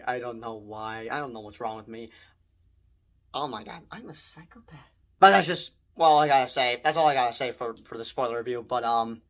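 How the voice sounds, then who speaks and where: A young man talking through a movie review in a loose, unscripted way. He rambles and trips over his words, restarting sentences often. He gets worked up and swears now and then. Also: medium pitch. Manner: rambling, excitable, many restarts and mild swearing. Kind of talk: casual spoiler movie review.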